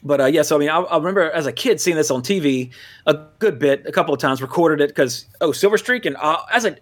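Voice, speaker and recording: A man's voice: on the high side, animated, fast talker. A man from Louisiana, hosting a movie podcast in loose casual chat, full of fillers and self-corrections. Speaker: podcast host.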